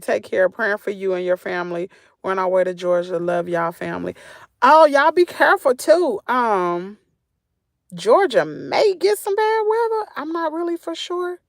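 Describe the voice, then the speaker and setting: Southern lady livestreaming from her car, gravelly voice, chatty and laughing, dry close sound. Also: a little high, dry recording. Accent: Southern American. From Southern United States. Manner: chatty, laughs often, animated exclamations. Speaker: channel host. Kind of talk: casual livestream chat reading comments. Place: in a parked vehicle.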